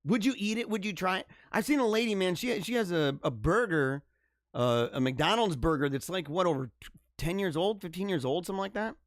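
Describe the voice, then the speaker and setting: A man's voice: high-pitched, fairly quick, dry recording, clean studio sound. A man hosting a casual livestream, reading news items aloud and joking about them in a rambling way. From United States. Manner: rambling, joking, chuckles often. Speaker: livestream host.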